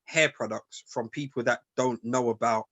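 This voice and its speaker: A man's voice: mid-range voice, fairly even intonation, moderate pace, a bit bright, dry recording. A man, co-hosting a casual group chat, making emphatic points in street slang.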